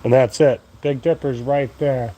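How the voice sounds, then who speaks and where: A man's voice: medium pitch, steady tone, unhurried, dark tone. A man rambling drowsily outdoors at night into his phone, profane and meandering, yawning as he gets sleepy. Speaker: vlogger. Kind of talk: rambling late-night monologue. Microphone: phone camera.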